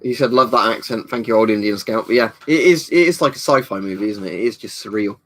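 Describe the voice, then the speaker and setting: An easygoing man, talking casually on a home livestream. He rambles from one viewer comment to the next, reading each one out and answering it in an unhurried way. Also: fairly low pitch, fairly bright tone. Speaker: livestream host. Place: indoor storage room at home.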